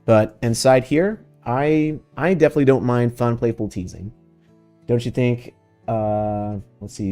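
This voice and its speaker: A man's voice: medium pitch, measured pace, dark tone, soft background music. Laid-back man streaming. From Texas. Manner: laid-back, profane, laughs often. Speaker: VTuber streamer. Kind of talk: casual livestream chat answering questions.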